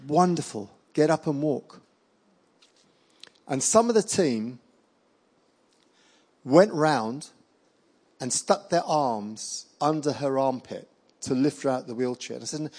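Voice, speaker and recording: A middle-aged man preaching, telling healing stories with lively acted-out quotes. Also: on the high side, measured pace, long pauses, slightly rough. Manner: animated storyteller acting out quoted voices. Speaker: evangelist preacher. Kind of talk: sermon storytelling.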